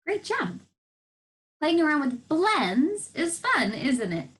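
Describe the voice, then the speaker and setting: A woman's voice: high-pitched, poor audio. A woman teacher giving a televised reading lesson to first graders, encouraging and patient as she walks them through sounds in words. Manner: slow, lively, encouraging teacher talk to young children.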